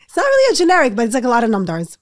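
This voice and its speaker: A woman speaking as a guest on a podcast, talking casually and turning soft and halting at the painful moments. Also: fairly high pitch, huge pitch swings, no room sound, studio quality. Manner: soft-spoken, halting when speaking of grief. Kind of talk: casual interview conversation.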